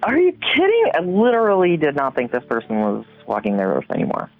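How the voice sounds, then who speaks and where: Middle-aged woman guest, lively storyteller who swings high on quoted reactions, tinny phone-like sound with faint music. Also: fast talker, creaky. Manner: animated, acts out her own reactions with big pitch jumps. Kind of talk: personal storytelling.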